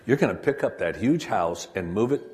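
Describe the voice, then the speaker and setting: A man's voice: fairly low pitch, lively intonation, a little fast, darkish tone. An older man from Michigan giving an earnest personal testimony to a live audience, speaking straight to them. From Michigan, USA. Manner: earnest, addresses the audience directly. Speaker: speaker telling his life story. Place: room with an audience.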